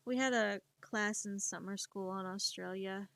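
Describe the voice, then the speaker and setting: A woman's voice: medium pitch, steady tone, measured pace, creaky, a bit bright, dry recording. A young woman with a Spanish accent, chatting casually on a stream while she draws, rambling and poking fun at herself. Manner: rambling, self-deprecating, laughs often.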